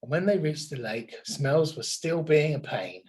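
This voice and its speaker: A man, a teacher, reading a picture book aloud to children in an expressive storytelling manner. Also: on the high side, measured pace.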